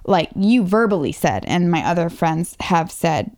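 Lowish and a little mellow, her voice has a sing-song lilt and a slightly slow pace. An interview guest in her twenties from Northern Virginia, USA, she chats casually about her own past, making fun of herself and frequently saying "like."

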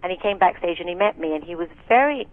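A woman's voice: on the low side, expressive, fast talker, dry recording. A woman in her sixties from Scotland, a singer and actress telling frank, chatty stories with many asides in a casual interview. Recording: tinny phone line, dry.

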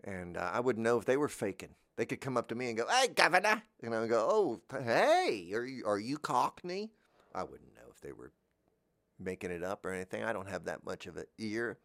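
Southern American man, middle-aged, low voice, dry close sound, deadpan rambling talk. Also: quick pace, creaky, no echo. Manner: deadpan, meandering, drifts into goofy voices. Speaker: podcast host. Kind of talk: rambling comedic monologue.

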